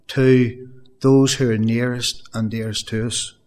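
A man's voice: medium pitch, flat delivery, unhurried, a little mellow. Earnest man preaching a sermon. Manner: earnest, repetitive preaching with rising emphasis. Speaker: pastor.

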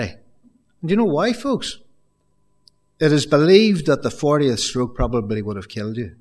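A man's voice: a little high, normal speed, long pauses, a little mellow. A male preacher giving a sermon, reading scripture with rising emphasis and speaking to the congregation as folks, sometimes stammering and repeating words.

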